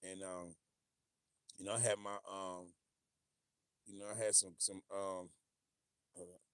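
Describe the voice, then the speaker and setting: A man with hosting a casual livestream, rambling and animated, often losing his train of thought and laughing as he reads viewer comments. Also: deep voice, unhurried, clean tone, no room sound, studio quality. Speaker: livestream host.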